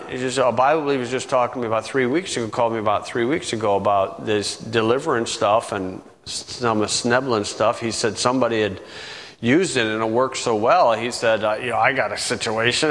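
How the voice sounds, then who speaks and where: A man preaching a sermon, teaching verse by verse in a conversational way, with chuckling asides and key words drawn out slowly. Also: medium pitch, a bit bright. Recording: long reverb from the room.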